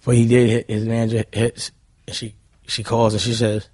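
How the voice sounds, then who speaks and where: A man's voice: mid-range voice, completely flat delivery, normal speed, a little mellow, no room sound. A man, telling stories bluntly and heatedly in a casual interview. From Harlem, New York. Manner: blunt, heated, repeats "you know what I'm saying". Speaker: guest.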